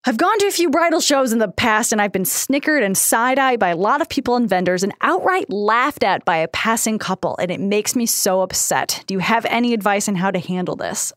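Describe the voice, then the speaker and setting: A woman's voice: mid-range voice, lively intonation, brisk, few pauses, fairly bright tone, no echo. Dry-voiced woman, frank podcast co-host. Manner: frank, swears, laughs often. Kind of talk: casual chat.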